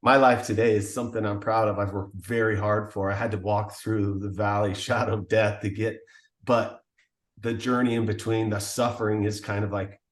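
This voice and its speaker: A man's voice: on the low side, level tone, moderate pace, roomy sound. A man telling the story of his past as a podcast guest, in an earnest, emotional way. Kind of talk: personal testimony.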